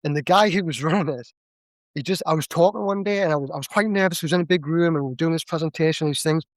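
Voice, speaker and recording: A young man with a Northeast English accent talks as a podcast guest, rattling along quickly in a chatty, animated way. His voice sits a little high and the sound is dry and close. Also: no echo. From Northeast England. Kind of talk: casual chat.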